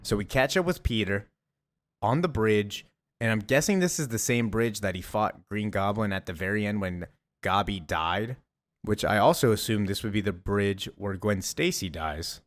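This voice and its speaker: A man's voice: fairly low pitch, normal speed. A man recapping a comic book story in a casual, chatty, enthusiastic way, with rambling asides.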